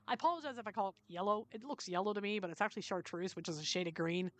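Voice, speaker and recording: A woman with a Canadian accent hosting a screen-recorded software tutorial, chatty and checking in often with "okay?". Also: mid-range voice, fast, no echo. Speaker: tutorial host.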